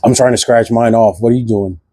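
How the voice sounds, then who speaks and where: A man's voice: medium pitch, fairly even intonation, a little fast, warm tone, dry recording. A man speaking, giving a passionate spiritual monologue to camera that repeats phrases and fires off rhetorical questions. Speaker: vlogger.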